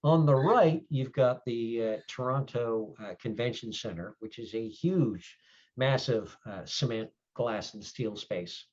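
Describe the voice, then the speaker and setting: A man as game master describing the scene for a tabletop game, unhurried and filling pauses with "uh". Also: mid-range voice, a little mellow. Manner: unhurried, with many fillers. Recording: dull lo-fi audio.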